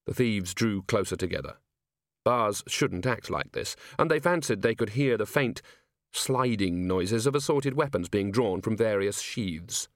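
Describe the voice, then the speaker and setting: A man reading a comic novel as an audiobook in wry, expressive storytelling narration. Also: lowish voice, measured pace, no room sound, studio quality.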